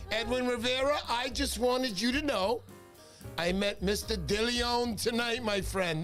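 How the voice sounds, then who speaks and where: A middle-aged man hosting a fishing livestream, exuberant and loud, shouting viewers' names and joking with his wife. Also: extremely high pitch, measured pace, soft background music. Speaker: fishing show host. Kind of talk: excitable livestream chat.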